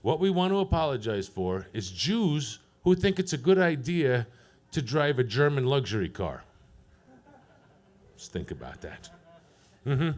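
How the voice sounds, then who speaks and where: A man doing a profane stand-up set at an open mic, deadpan and teasing the crowd. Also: a little high. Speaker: stand-up comedian. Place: comedy club stage.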